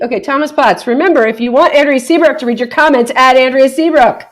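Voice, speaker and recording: A woman's voice: high-pitched, quick pace, hardly any pauses. A woman hosting a casual podcast chat with friends, playful and bossy, often laughing. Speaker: podcast host.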